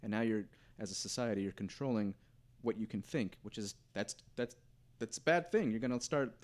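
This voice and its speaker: A man's voice: lowish voice, a little fast. A man in casual podcast chat, rambling and hesitant, restarting his sentences often.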